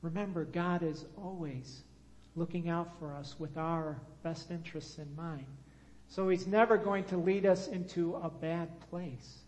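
Slow, high-voiced preacher in a reverberant hall. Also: male voice, darkish tone. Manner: engaging the congregation, leading call-and-response. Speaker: pastor. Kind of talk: sermon.

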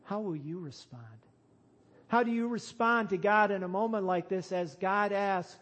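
A man preaching a sermon to his church, slow and emphatic, rising to loud calls on key lines. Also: sits high. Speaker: pastor.

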